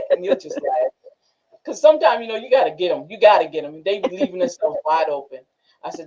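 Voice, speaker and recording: Woman, lively storyteller, mellow voice, laughs a lot, muffled lo-fi recording. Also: lowish voice, fast talker. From northern United States. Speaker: class host. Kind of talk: casual group discussion.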